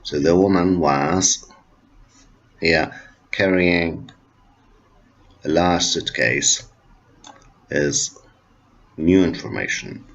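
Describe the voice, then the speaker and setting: A native Arabic-speaking man lectures on linguistics slowly and deliberately, repeating each point for his students and switching between English and Arabic. His very deep, slightly husky voice still has a fairly bright tone, and the recording is dull and lo-fi.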